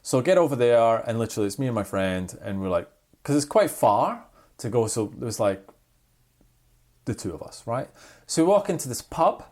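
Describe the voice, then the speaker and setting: Animated man telling stories. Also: medium pitch, fairly quick. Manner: animated storyteller, acts out quoted people. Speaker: podcast co-host. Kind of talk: casual chat.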